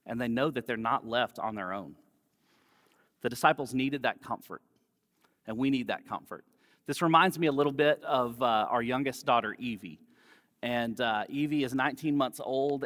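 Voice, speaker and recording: A man preaching a sermon as pastor, speaking gently and conversationally and weaving in personal stories. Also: mid-range voice. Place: church. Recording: long reverb of a church hall.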